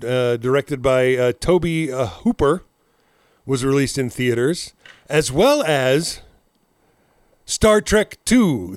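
In clean studio audio with no room sound, a podcast co-host in his forties chats casually in a slightly high voice. He rambles, swears, and laughs his way through stories.

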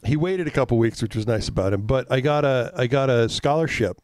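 A man's voice: medium pitch, brisk, darkish tone, no echo. A man co-hosting a podcast in casual chat, telling candid stories with the odd swear word. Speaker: podcast co-host.

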